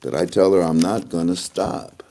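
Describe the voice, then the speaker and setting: A man's voice: low voice, flat delivery, normal speed, dark tone. A man giving a rambling, emotional monologue to camera as a video blogger, often breaking into laughter.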